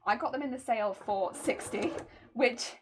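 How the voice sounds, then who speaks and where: A young woman chatting casually on a crafting live stream, telling stories in an animated way and answering chat. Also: a little high, normal speed, a little hiss or hum. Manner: chatty, animated storytelling, reads chat aloud.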